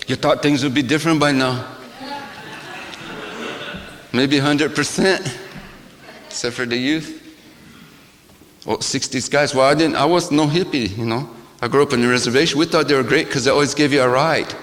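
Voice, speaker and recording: An older man, a shaman, giving a sermon-like talk to a gathering in a church, with a rhythmic, repetitive cadence that swings from loud to hushed and wry, laughing asides. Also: mid-range voice, brisk, background noise. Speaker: shaman speaker. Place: church hall. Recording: long hall reverb.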